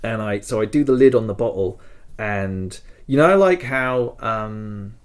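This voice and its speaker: A man's voice: on the low side, expressive, a little slow, clean tone. Rambling man telling a podcast story. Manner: rambling, filler-heavy, emotional. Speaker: podcast co-host.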